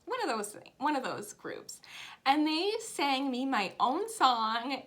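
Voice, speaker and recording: Woman, 30s, home crafting vlogger; emotional, rambling storyteller with an animated, high-ish voice. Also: slow. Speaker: flosstube vlogger. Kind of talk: casual chat.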